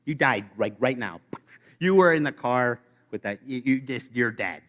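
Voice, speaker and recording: A man preaching a sermon to his congregation, playful and animated, speaking straight to the listeners. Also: medium pitch, moderate pace. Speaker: pastor. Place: church sanctuary.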